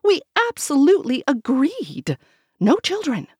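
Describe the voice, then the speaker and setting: A woman voicing a panicked, firm wife in an audiobook, speaking high and sharp. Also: animated, fairly quick, no room sound, studio quality. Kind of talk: audiobook character reading.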